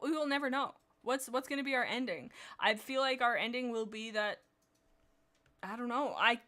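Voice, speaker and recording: Excitable woman reading fan fiction aloud. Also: fairly high pitch. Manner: excitable, laughing asides. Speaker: streamer.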